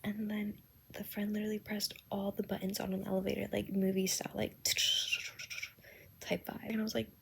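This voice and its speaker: Young woman podcast host, chatty storyteller with a gravelly fry, recorded in an echoey room. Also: medium pitch, completely flat delivery, brisk, long pauses, darkish tone. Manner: chatty, lots of "like", dramatic retelling. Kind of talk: casual storytelling. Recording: echoey room with faint hiss.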